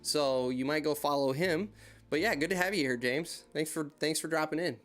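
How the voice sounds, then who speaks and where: An American YouTube channel host who works as a heavy equipment operator runs a casual live-stream Q&A from his desk. His voice is a little high and fairly bright at a moderate pace, and he rambles through anecdotes while greeting viewers by name.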